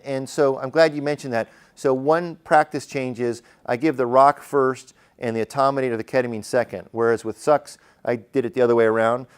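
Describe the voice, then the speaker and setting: A man's voice: medium pitch, clean tone. A man teaching a class on emergency medicine, lecturing in a conversational way, asking the room questions and using frequent fillers.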